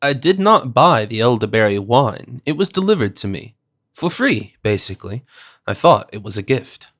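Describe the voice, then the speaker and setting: A man voicing a polite, flustered gentleman who answers questions eagerly. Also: mid-range voice, big pitch swings, moderate pace.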